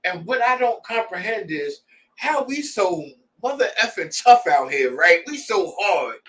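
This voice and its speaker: A man's voice: high-pitched, very animated, measured pace, fairly bright tone, distant mic. A man leading a scripture class, preaching in a heated, blunt way with street slang. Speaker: class leader.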